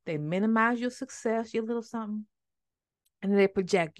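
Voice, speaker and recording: A woman teaching the Bible on a podcast, animated and conversational, repeating words for emphasis. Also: on the high side, moderate pace.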